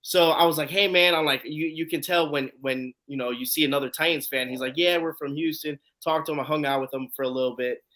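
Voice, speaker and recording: A man with a bright, fairly high voice hosts a live online chat. He tells a long story casually and acts out the lines of the people in it. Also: fast, hardly any pauses. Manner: animated storyteller acting out quotes. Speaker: host.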